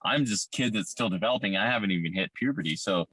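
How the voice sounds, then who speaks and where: A man recounting a painful childhood experience in candid, profane, halting personal testimony full of fillers. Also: lowish voice, bright, forceful tone, breathy edge, no echo. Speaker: survivor telling his story.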